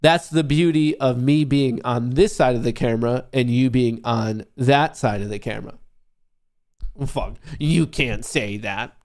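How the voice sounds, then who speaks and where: A man's voice: medium pitch, fairly even intonation, moderate pace, few pauses, a little mellow. Young male livestream host, combative and profane, scornful toward his viewers. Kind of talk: casual livestream rant.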